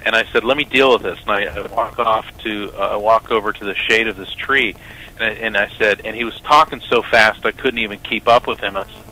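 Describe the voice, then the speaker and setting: A man as a radio interview guest, an animated storyteller who acts out the voices of the people in his story. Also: on the low side, fairly quick, low-quality recording. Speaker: guest, psychic medium and lawyer.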